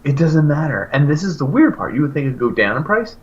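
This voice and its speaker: A man co-hosting a casual podcast, ranting through stories with his voice leaping all over the place. The sound is a bit dull and lo-fi. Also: fast. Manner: animated ranting storyteller with big pitch jumps. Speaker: podcast co-host. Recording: slightly dull lo-fi recording.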